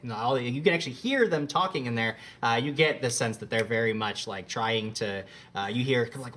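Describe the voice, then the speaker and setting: A man's voice: medium pitch, normal speed, few pauses, a little hiss or hum. Laid-back, chatty game master man. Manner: relaxed, chatty, with many fillers. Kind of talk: narrating a tabletop game.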